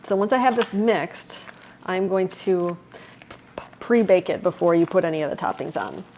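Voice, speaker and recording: A middle-aged woman from Wisconsin, chatting warmly as she walks viewers through a recipe in her home kitchen. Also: on the low side, normal speed, a little hiss or hum. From Wisconsin, USA. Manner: chatty and upbeat, talks viewers through each step. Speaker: cooking vlogger. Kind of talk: casual cooking demonstration.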